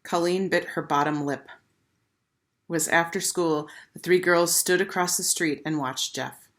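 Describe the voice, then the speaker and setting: A woman teacher reads a children's chapter book aloud, gentle and measured. Her voice sits fairly low for a woman. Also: fairly even intonation.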